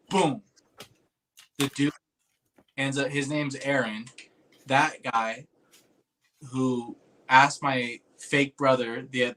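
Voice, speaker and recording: His voice is mid-range and a bit bright. He rambles casually through a personal story, leaning on "like" and "dude" and swearing freely, then turns earnest and emotional over the moving parts.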